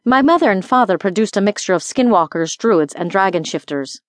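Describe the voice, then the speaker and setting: A woman's voice: mid-range voice, lively intonation, brisk, dry recording, studio quality, close to an everyday voice. A woman voicing a flirty Scottish dragon-shifter bounty hunter in an audiobook, teasing and affectionate, with a Scottish accent. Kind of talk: audiobook character voice.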